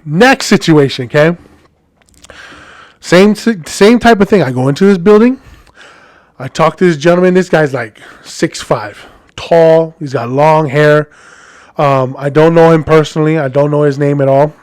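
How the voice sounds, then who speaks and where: Chatty Hawaiian man, higher voice. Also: normal speed, a little mellow, no echo, clean studio sound. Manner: rambling, chatty, talks straight to listeners. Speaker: podcast host. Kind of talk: casual storytelling monologue.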